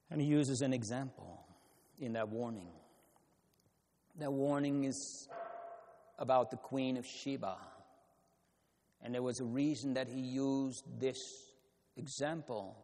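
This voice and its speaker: Slow, measured preacher in a reverberant hall. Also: male voice, mid-range voice, darkish tone. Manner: slow, measured preaching with rhetorical questions and old-style scriptural phrasing. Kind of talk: sermon.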